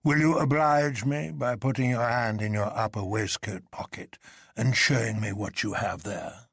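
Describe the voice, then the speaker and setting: A man's voice: medium pitch, fairly even intonation, moderate pace, gravelly, a bit bright, slightly rough, no echo, clean studio sound. A man doing a grand, mocking council president. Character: huge commanding older man, anarchist council president.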